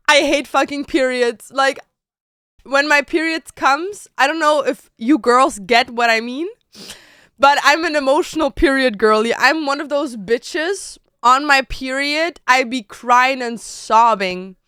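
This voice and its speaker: A woman streamer chatting casually to her viewers at home, expressive and slangy, full of "like". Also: sits high, measured pace, no echo, studio quality. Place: home bedroom.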